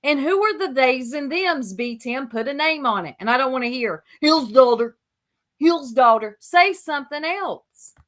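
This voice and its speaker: A woman's voice: high voice, expressive, normal speed, few pauses, fairly bright tone. Sarcastic woman mocking a clip. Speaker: commentary streamer. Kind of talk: reaction commentary on a clip.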